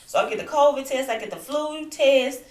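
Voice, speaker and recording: A high-pitched young woman talks at a moderate pace, far from the mic and off-mic in an echoey room. Vlogging indoors at home, she chats animatedly to camera about having been sick and still recovering, a lingering cough in tow. Her casual retelling includes asides to viewers.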